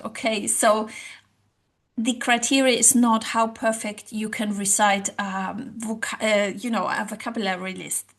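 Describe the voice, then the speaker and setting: A woman language coach explaining to camera, direct and encouraging, with rhetorical questions and frequent "kind of" fillers. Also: mid-range voice. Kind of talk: educational talk to camera.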